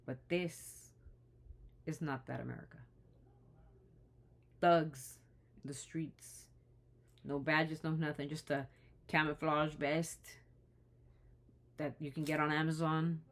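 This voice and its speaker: A woman talking straight to the camera in an impassioned vlog, indignant and pleading, often restarting her sentences. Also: low-pitched. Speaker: vlogger.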